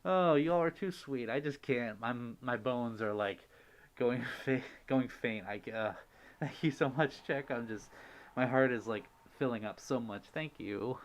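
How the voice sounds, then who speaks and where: A man hosting a casual livestream, reading out viewer messages and gushing with giggly, excitable thanks. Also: medium pitch, a little slow. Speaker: livestream host.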